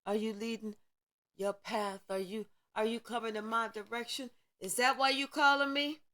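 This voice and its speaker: Woman doing God, a stern deity pressing for answers, her own high bright voice, slow. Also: steady tone. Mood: demanding. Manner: confronting, rapid repeated questions.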